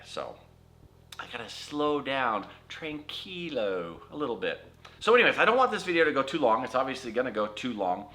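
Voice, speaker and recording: A man's voice: medium pitch, pushed and bright. A middle-aged man chatting casually in a vlog, answering viewer comments and explaining things in a rambling, self-correcting way.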